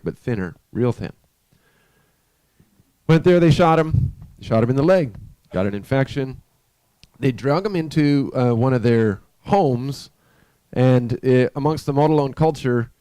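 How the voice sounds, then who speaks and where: A man hosting a live stream, telling a story with a spiritual message in an unhurried, conversational way and asking his listeners questions. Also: mid-range voice, dark tone, dry recording, rough recording.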